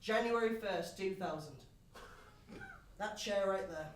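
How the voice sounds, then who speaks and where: A man's voice: high-pitched, unhurried, slight background noise. A young man with a Geordie accent acting a brash, crude pub regular in a one-man live stage show, rambling and swearing as he banters cheekily with the audience. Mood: cheeky. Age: young adult. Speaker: stage actor. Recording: roomy stage sound from far off with audience. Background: audience laughing.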